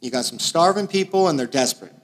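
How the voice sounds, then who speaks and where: A young man from Florida hosting a podcast, delivering a crude, sarcastic comedic monologue that swings between mumbling asides and loud bursts. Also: fairly high pitch, expressive, fast talker. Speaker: podcast host. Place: small makeshift home recording space.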